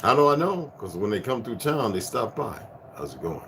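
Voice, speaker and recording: A man in his fifties giving a rambling spiritual rant to his viewers, profane and preachy, swinging from loud bursts down to hushed tones. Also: medium pitch, expressive, brisk, noisy background. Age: 50s. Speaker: vlogger.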